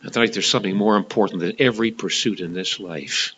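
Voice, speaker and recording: A man's voice: fairly low pitch, fast talker, fairly bright tone, slightly rough, low-quality recording. A man preaching a gospel sermon, telling a story in an earnest way and building to emphatic, repeated lines.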